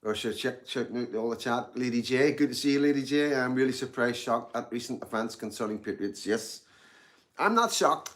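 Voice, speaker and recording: Animated and a bit bright, this man's mid-range voice moves at a moderate pace as he reads out chat on his Glasgow live stream. He keeps it casual and rambling, repeats himself, says "you know what I mean" a lot, and stops to eat and drink tea.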